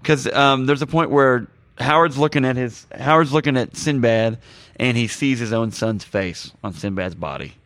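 A man's voice: mid-range voice, normal speed, fairly bright tone, no room sound. A man hosting a podcast, recapping a movie in casual chat, rambling and joking. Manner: rambling, joking, lots of fillers. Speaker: podcast host.

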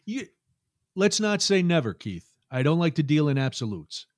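A man's voice: a little high, big pitch swings, normal speed, darkish tone, dry recording. A man guesting on a podcast, chatting casually with dry, self-mocking humor. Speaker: podcast guest, comedian and radio host. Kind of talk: casual interview chat.

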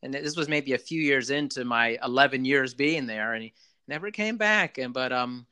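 A man, a former club general manager, chatting casually and telling an animated story, with lots of "you know". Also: medium pitch, moderate pace, clean tone, dry recording.

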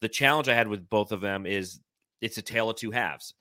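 With a lowish voice and a fairly quick delivery, a young man co-hosting a laid-back sports podcast runs through stats and breaks down plays in a chatty, animated way. There's no echo, and the sound is studio quality.

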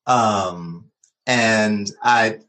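A man's voice: lowish voice, extremely slow, pushed and bright. A man who works as a therapist, speaking thoughtfully on a panel. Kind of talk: casual panel discussion.

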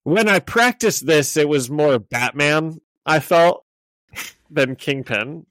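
A man's voice: fairly high pitch, animated, slow, a bit bright, dry recording. A man co-hosting a podcast, chatting and laughing as he recaps a comic, often restarting his sentences. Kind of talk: casual chat.

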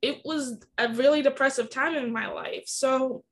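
A woman's voice: sits high, steady tone, normal speed. A young adult woman hosting a podcast, telling a personal story in an earnest, emotional and candid way. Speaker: podcast host.

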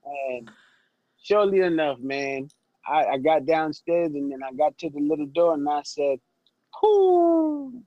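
A man's voice: on the high side, moderate pace, no room sound, dull audio. A man, a podcast guest, telling his stories casually and animatedly and acting out the people in them. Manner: animated storyteller who acts out quoted voices. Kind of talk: casual storytelling interview.

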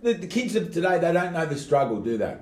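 A man's voice: a little high, sing-song, quick pace, reverberant. A man co-hosting a casual chat show who throws in cheeky, teasing remarks. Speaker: co-host. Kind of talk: casual banter.

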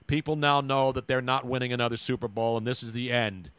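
A man's voice: medium pitch, flat delivery, a little fast, fairly bright tone, smooth, dry recording. A man co-hosting a sports podcast, joking and rambling in casual chat. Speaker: podcast co-host.

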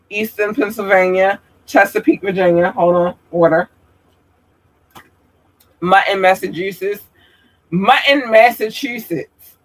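A man reading out viewers' hometowns one by one, halting with fillers and apologizing for mispronouncing names. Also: high voice, a bit bright, low-quality recording. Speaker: streamer giving shout-outs.

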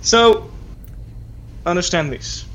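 A man's voice: high voice, animated, slow pace, a bit bright, a little hiss or hum. A man with a Southern US accent playing a paladin in a tabletop game, talking earnestly and repeating himself. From Southern United States. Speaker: player. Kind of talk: in-character tabletop play.

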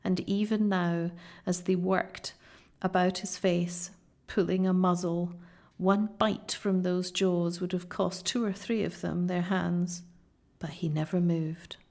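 Woman, audiobook narrator, slow, gravelly, measured dramatic storytelling. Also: on the low side, fairly even intonation, a little mellow. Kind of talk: audiobook reading of a children's novel.

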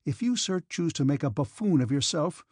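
A man's voice: on the high side, normal speed, darkish tone, dry recording, clean studio sound. A man voicing a proud young male prince who speaks sharply and indignantly, in an audiobook reading.

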